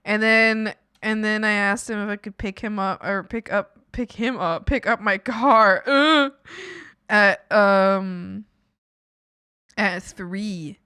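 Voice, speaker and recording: A woman streamer chats with her viewers while she draws, giggling often and teasing them. Her voice is bright and sharp, and she talks at an unhurried pace. The sound is close and dry, with no room around it. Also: medium pitch, steady tone, smooth, no room sound. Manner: playful, teasing chat. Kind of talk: casual live-stream chat while drawing.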